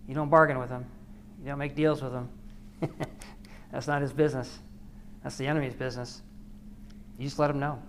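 A woman's voice: a bass voice, fairly even intonation, brisk, long pauses, a little hiss or hum. A woman podcast host giving an earnest devotional talk, preaching with repeated phrases.

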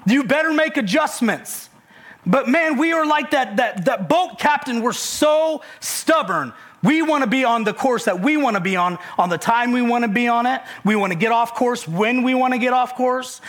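Man, high voice, preaching, conversational and emphatic, repeats key phrases, folksy jokes. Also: a bit bright. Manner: folksy humorous asides. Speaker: pastor. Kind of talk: sermon.

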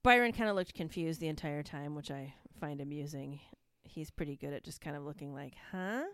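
Her voice is deep, clear, and resonant with a fairly bright tone, and she talks a little fast. This podcast co-host enthusiastically recaps wrestling in a casual chat full of fillers. The clean studio sound has no room sound.

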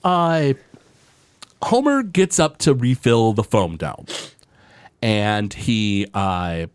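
A man's voice: fairly low pitch, animated, very slow, clear, resonant tone, no echo. A man co-hosting a podcast, casually recapping a cartoon episode and slipping into playful voices as he retells scenes. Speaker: podcast co-host.

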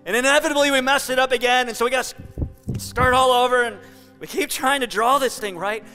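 High, bright-voiced preacher man. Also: fast, smooth, in a large hall, faint music behind. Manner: earnest, conversational, emphatic. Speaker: pastor. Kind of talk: sermon.

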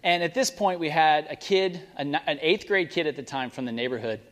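Speaking briskly in a fairly bright voice on the high side, a young adult pastor offers a rambling, casual sermon story and prayer. He frequently pauses to correct himself. The church sanctuary adds a long reverb.

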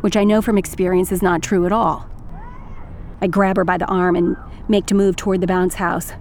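A woman's voice: lowish voice, level tone, normal speed, a little mellow, slight background noise. A woman narrating a first-person story in a wry, intimate way with flashes of anger.

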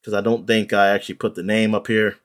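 A man's voice: fairly low pitch, flat delivery, fast talker. Rambling man chatting casually. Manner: rambling, with many ums and restarts. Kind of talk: casual chat about video games.

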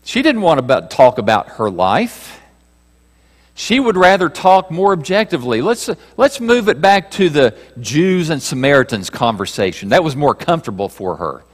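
A man preaching a sermon, reading scripture aloud and moving between raised passages and hushed ones. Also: on the high side, very animated, normal speed. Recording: reverberant hall.

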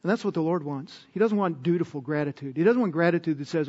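High-voiced male pastor preaching. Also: expressive, fast talker, dark tone, in a large hall, muffled recording. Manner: earnest, emphatic, asks the congregation questions. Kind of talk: sermon.

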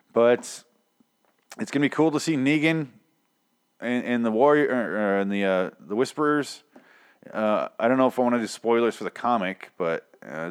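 A man hosting a casual show, rambling and swearing with exasperation, his voice hoarse and nearly shot. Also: on the low side. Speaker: podcast host. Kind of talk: casual rant about a TV show.

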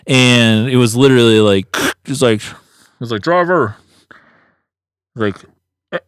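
A man's voice: normal speed, long pauses, clear, resonant tone, dry recording, studio quality. A man co-hosting a podcast, telling a long story in casual chat and acting out the voices he quotes. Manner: animated, acts out quotes with big pitch jumps. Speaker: podcast co-host.

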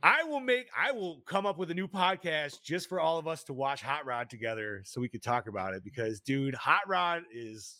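A man hosting a casual movie-review podcast, excitable, swearing often and saying dude a lot. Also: fairly high pitch, normal speed, hardly any pauses, no echo, clean studio sound. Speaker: podcast host.

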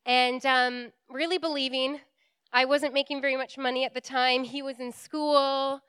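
A young woman telling a story in a casual, animated way, laughing often and full of likes and ums. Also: high voice, moderate pace, clear, resonant tone, no echo.

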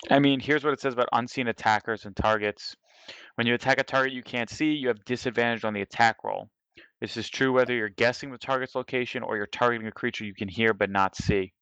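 A man's voice: mid-range voice, steady tone, quick pace, a bit bright, smooth, no echo, lo-fi sound. A man playing a tabletop game, counting his moves aloud and reading the rules out carefully. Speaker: player.

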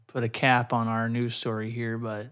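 A man co-hosting a casual podcast, reading out news stories and joking, often trailing off quietly. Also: monotone, normal speed, clean tone. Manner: bursts into loud high put-on chants and quotes, trails off quietly.

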